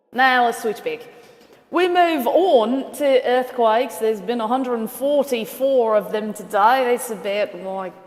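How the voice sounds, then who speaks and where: A woman with a fairly high voice talks through a casual weather and earthquake rundown, thinking aloud and often stopping to correct herself. Her voice carries a long, hall-like reverb. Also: darkish tone. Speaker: weather show host.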